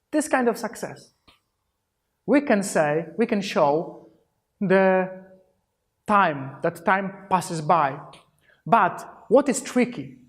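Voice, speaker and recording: A man giving a workshop talk on presentation skills, with phrasing, frequent restarts and lively acted-out examples. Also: sits high. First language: Polish. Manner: demonstrative, acts out example greetings; non-native phrasing with restarts. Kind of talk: live workshop talk on body language.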